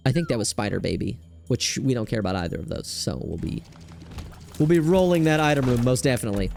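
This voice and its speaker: A young man giving casual gameplay commentary as a streamer, rambling and excitable with lots of fillers. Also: mid-range voice, quick pace, creaky, faint music behind. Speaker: gaming streamer.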